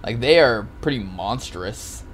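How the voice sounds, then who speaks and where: A man's voice: medium pitch, animated, a little slow, a little hiss or hum. A man co-hosting a podcast in loose, rambling casual chat, laughing often and swearing freely. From Oregon, US. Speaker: podcast co-host.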